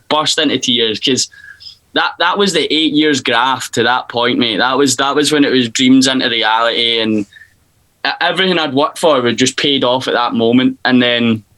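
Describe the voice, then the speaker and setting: A young Scottish man, a DJ and producer, telling stories in a casual video-call interview, animated and full of restarts. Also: mid-range voice. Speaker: guest DJ and producer.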